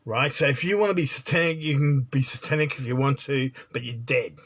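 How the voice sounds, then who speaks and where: A man's voice: medium pitch, brisk, fairly bright tone, husky. A man giving a spiritual monologue as a teacher, blunt and lecturing, often checking in with "right?".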